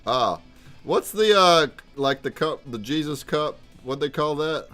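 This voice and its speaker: A man's voice: on the high side, lively intonation, unhurried, pushed and bright, faint music behind. A man hosting a livestream in casual chat, hyped and calling out viewers by name. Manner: hyped, calls out chatters by name. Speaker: livestream host.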